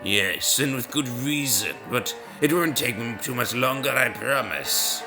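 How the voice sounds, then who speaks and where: A man's voice: medium pitch, unhurried, over music. A man rambling through casual, self-mocking commentary while he plays brain-training games. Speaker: gaming video host.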